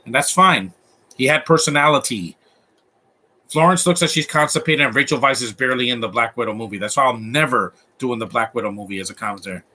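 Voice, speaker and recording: A man's voice: mid-range voice, fast, bright, forceful tone. A man in his thirties giving live movie commentary, opinionated and rambling, often restarting his sentences.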